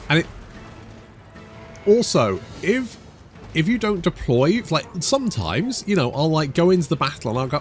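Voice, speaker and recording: A man's voice: a little high, sing-song, normal speed, pauses often, faint music behind. A British man casually commentating a strategy game, chatty and rambling with joking asides. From Britain. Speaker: gaming YouTuber. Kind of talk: casual let's-play commentary.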